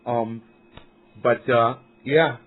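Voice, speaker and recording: This man's mid-range voice stays fairly even, and he draws out his words as he chats on a live stream from a mountaintop. He rambles, curses freely and addresses his viewers, all captured in tinny phone-quality audio from a cell phone.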